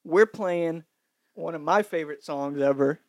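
This is a young man from Louisiana co-hosting a casual podcast. He talks in a loose, joking way, with a voice that sits a little high. The sound is dry and close to the mic. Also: a little slow, dry recording. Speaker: podcast co-host. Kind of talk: casual chat.

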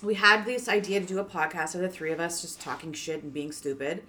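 A woman's voice: lowish voice, fairly quick, bright, forceful tone. A woman from Canada co-hosting a casual chat podcast with friends, joking crudely and steering the talk. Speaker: podcast co-host.

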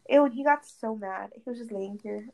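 A woman's voice: fairly high pitch, normal speed, vocal fry, poor audio. Gossiping young woman, lots of "like". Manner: animated gossiping, heavy "like" fillers, frequent swearing. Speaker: friend telling a story. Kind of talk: casual chat while gaming. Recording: faint background noise.

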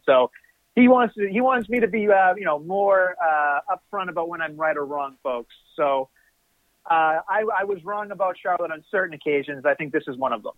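A man's voice: fairly high pitch, normal speed, no echo. A man co-hosting a podcast in casual chat, rambling and correcting himself as he gives his opinions. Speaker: podcast co-host. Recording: tinny phone-like line, dry.

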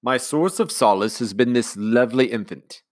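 A man voicing a polite, mournful, well-to-do widower in a storybook read-aloud, with formal, gentle speech. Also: medium pitch, lively intonation, moderate pace, voice pushed up, natural voice. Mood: courteous.

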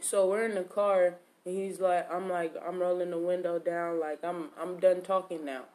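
A woman on a podcast tells a story in a slightly low voice, casual and slangy, with swearing and a steady stream of "like." Her talk is loose and conversational, with many reported exchanges. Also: moderate pace. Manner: slangy, profane, lots of 'like' and quoted speech.

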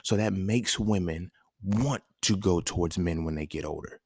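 A man's voice: low-pitched, moderate pace, darkish tone, slightly rough, dry recording, clean studio sound. A man hosting a podcast, talking in a casual, emphatic monologue full of slang and swearing, often checking in with his listeners. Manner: emphatic, slangy, profane, asks listeners questions. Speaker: podcast host.

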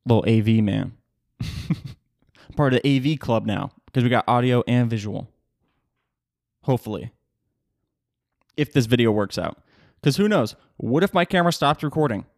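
Young guy ranting on his podcast at home, swears a lot, laughs at himself, mid-pitched, super dry sound. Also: moderate pace, gravelly, long pauses, dry recording. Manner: swearing, laughing, animated rambling. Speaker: podcast host. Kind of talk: casual solo podcast rant. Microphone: podcast microphone.

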